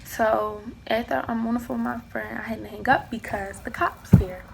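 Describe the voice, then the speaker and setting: A young woman recounting a personal story to the camera in a casual vlog, her voice slightly high with a gravelly edge. She acts out both sides of the argument as she goes. A faint hiss of background noise runs underneath. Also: expressive, moderate pace. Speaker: vlogger.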